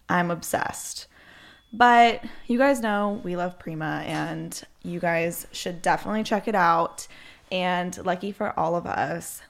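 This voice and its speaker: Young woman, podcast co-host, somewhat low voice, vocal fry, chatty and upbeat. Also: fairly bright tone. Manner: chatty, filler-heavy, upbeat. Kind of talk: casual podcast chat and ad read.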